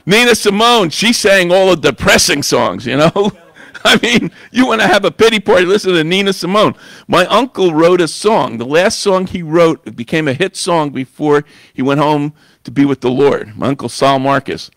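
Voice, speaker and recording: A man's voice: fairly high pitch, animated, moderate pace, a bit bright, dry recording. A man preaching a sermon in church, talking in a conversational way and often asking "you know?". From New York. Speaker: guest preacher.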